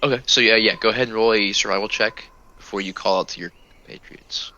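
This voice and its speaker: Male game master, crisp, forceful tone, steady descriptive narration; dull, muffled recording. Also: on the low side, quick pace.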